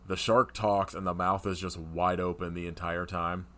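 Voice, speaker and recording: Deep-voiced man in profane podcast chat. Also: normal speed. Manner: profane, laughs often, animated retelling. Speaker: podcast co-host. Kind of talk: casual movie review chat.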